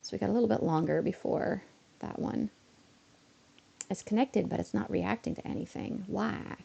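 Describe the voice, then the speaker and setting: Gravelly, mellow-voiced woman streamer chatting. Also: mid-range voice, moderate pace, dull audio. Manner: chatty, ranting, exasperated asides. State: a bit unwell. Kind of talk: casual live-stream chat while gaming. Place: at home.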